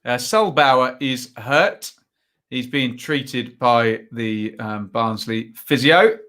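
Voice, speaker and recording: A man's voice: medium pitch, takes it slowly, pushed and bright. A man hosting a live football watchalong, giving chatty, rambling commentary full of asides and tag questions. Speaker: watchalong host.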